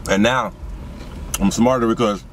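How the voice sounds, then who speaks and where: Excited young man vlogging in his car. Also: fairly low pitch, a little slow, slight background noise. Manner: excited, rambling, talks straight to viewers. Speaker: vlogger and seasoning business owner. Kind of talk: casual car vlog while eating. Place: parked car.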